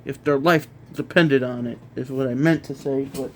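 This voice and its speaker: A man hosts a casual wrestling review, ranting in exasperation, repeating himself, and stumbling through restarts. His medium-pitched voice is a little mellow, with fairly even intonation and a normal pace, over slight background noise.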